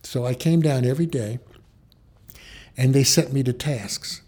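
An older man from the Bronx, a photographer, telling a personal anecdote with halting restarts and acted-out quoted voices. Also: medium pitch, darkish tone. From New York, Bronx.

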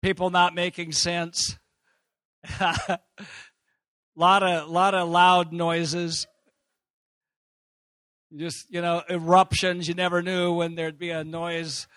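A pastor tells a personal anecdote during his sermon, his high, bright voice unhurried at first before he starts laughing and bursting into shouts. The recording is close and dry, with no room sound, and his delivery stays animated throughout.

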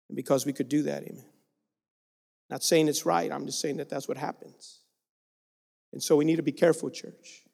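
A guest preacher with a slightly high, gravelly, darkish voice exhorts the congregation in a church sanctuary, calling out to them. The large room gives the recording a long reverb.

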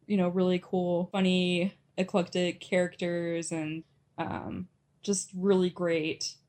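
A woman's voice: lowish voice, little pitch movement, slow pace, a little mellow. A woman co-hosting a casual podcast, chatting enthusiastically about films. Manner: enthusiastic, chatty, laughs easily. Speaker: podcast co-host. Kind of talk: casual film review chat.

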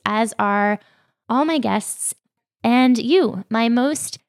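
A woman hosting her own podcast, talking warmly and heartfelt as she thanks her listeners, a little teary. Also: on the high side, extremely slow. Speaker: podcast host. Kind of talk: casual solo podcast talk.

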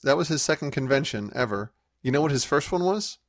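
A man's voice: mid-range voice, animated, a little fast, no room sound. Male co-host, easygoing rambling chat, dry and close. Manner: rambling, with frequent restarts and laughs. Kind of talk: casual chat recounting a convention trip.

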